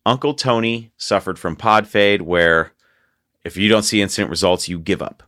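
A man's voice: low-pitched, normal speed, sharp tone, dry recording, clean studio sound. A man hosting a casual podcast, telling a long story in a rambling way and laughing often. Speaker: podcast host.

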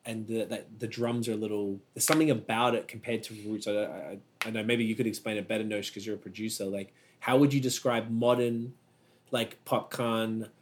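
A man's voice: fairly low pitch, little pitch movement, a little fast, a little hiss or hum. A man hosting a podcast in casual chat, swearing loosely and hunting for words as he rambles. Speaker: podcast host.

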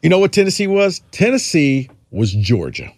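A man's voice: a little high, very animated, normal speed, darkish tone, dry recording. A man hosting a sports podcast, chatting casually and rambling through his points with frequent restarts. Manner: rambling, restarts, quotes others in a put-on drawl. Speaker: podcast host.

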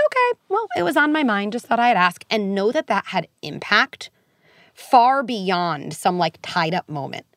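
Clean studio audio with no echo captures a woman with a mid-range voice, a clinical psychologist guesting on a podcast. She is animated and candid, acting out quotes from parents and kids, and briefly tearful.

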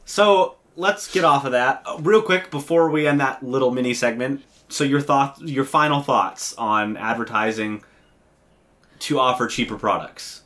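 A man's voice: mid-range voice, sharp tone. A man with an ordinary mid-range voice co-hosts a podcast. He is upbeat, laughs easily and moves the chat from topic to topic. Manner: upbeat, quick to laugh, steers the talk. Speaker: podcast co-host. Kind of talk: casual chat.

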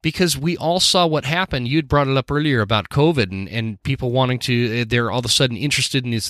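A man's voice: mid-range voice, a bit bright, dry recording, studio quality. A man hosting a podcast, talking in an earnest, reflective way during a casual conversation. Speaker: podcast host.

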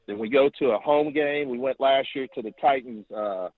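Animated man on a phone line. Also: normal speed, no echo. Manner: animated, acts out quotes with rising pitch. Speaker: caller. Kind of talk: phone-in storytelling. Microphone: telephone.

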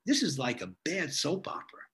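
A man's voice: on the high side, very animated, fairly quick, fairly bright tone. A man voicing a depressed woman patient in her thirties as he retells her case, earnest and puzzled.

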